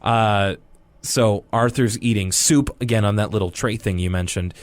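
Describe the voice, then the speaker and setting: A man's voice: fairly low pitch, moderate pace, no room sound. A young man co-hosting a podcast, casually recapping a cartoon episode with jokes and rambling asides. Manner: rambling, joking, animated quoting. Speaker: podcast co-host.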